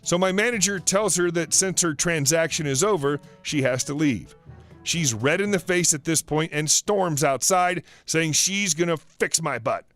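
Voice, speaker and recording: Male storyteller with a fairly high voice, steady reading pace, light music bed behind. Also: normal speed, no room sound. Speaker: narrator. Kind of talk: reading online stories aloud.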